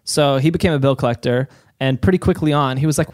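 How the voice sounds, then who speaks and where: A man's voice: a little high, fast, few pauses, darkish tone, no echo, studio quality. A man casually telling a history story on a podcast, laughing often and acting out the subject's lines.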